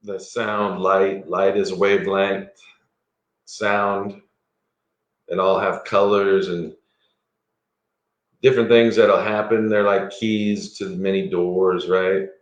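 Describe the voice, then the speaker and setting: A man's voice: low voice, flat delivery, slow pace, long pauses. A man doing a live-stream tarot reading as a psychic, chatty and rambling, with frequent chuckles. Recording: echoey room.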